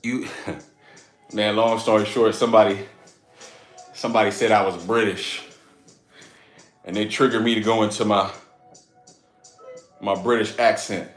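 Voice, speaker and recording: A man's voice: on the low side, level tone, unhurried, long pauses, echoey room, faint music behind. A man in his thirties hosting a live stream in a casual, rambling, playful way, laughing often between his words.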